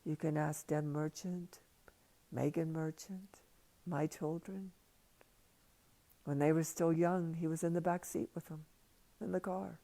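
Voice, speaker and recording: An older woman talks slowly and quietly into a livestream mic, her low voice gravelly and dark. She drifts in and out of soft whispers as she reflects. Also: fairly even intonation. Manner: soft and hushed, slipping into whispers. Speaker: spiritual teacher. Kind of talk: slow reflective livestream talk. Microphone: livestream computer mic.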